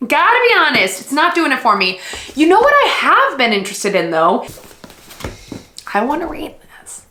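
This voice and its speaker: A young woman chats casually to her viewers, gushing and animated. Her voice sits fairly high and leaps around in pitch. The room around her is echoey. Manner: animated, gushing, lots of fillers. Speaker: vlog host. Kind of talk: casual vlog chat.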